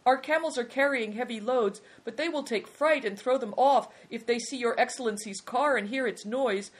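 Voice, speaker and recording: A storyteller voicing a grown caravan leader who pleads in a high, deferential voice. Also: very animated, moderate pace, a bit bright. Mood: pleading.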